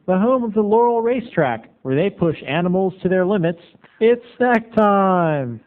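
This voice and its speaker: A man's voice: sits high, expressive. A man doing a lofty show announcer. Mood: grandiose. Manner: grand, drawn-out announcer delivery. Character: booming male TV show announcer. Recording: tinny lo-fi webcam audio.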